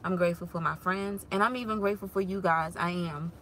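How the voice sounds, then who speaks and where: A woman talking casually to her viewers in a vlog. She tells lively stories, laughing often and acting out what people said, then turns soft and heartfelt when she talks about being grateful. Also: fairly low pitch, quick pace, slight background noise. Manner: animated storyteller who laughs often and acts out quotes. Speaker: vlogger and mother.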